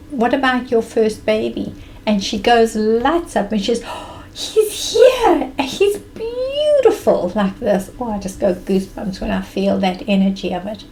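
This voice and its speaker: A woman recounts a personal story in a warm, mellow voice, animating it with vivid present-tense retelling. There is a faint hiss under her close-miked voice. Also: mid-range voice, vocal fry, poor audio.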